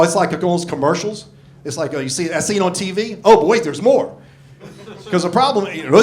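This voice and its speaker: A man in his sixties doing a profane, self-deprecating stand-up set into a handheld microphone on a comedy club stage. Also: high-pitched. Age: 60s. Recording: live comedy club with audience laughter.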